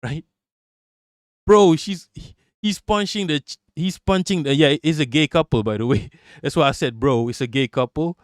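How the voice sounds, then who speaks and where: A man's voice: fairly high pitch, normal speed, no room sound, studio quality. A man in his thirties doing casual live-stream commentary and reading chat aloud, blunt and profane, often breaking into laughter.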